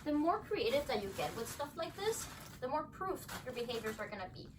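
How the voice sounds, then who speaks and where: Speaking fairly quickly in a high, sing-song voice, a young woman demonstrates dog training at home, explaining to camera and cheerfully praising her dogs between remarks. The sound comes from a distant camera mic, with faint room noise.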